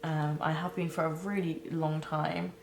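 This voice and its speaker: A young woman recording a candid personal vlog, talking haltingly with many restarts and close to tears. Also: low-pitched, level tone, creaky, reverberant, a little hiss or hum, low-quality recording. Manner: halting, searching for words, many fillers and restarts. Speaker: vlogger.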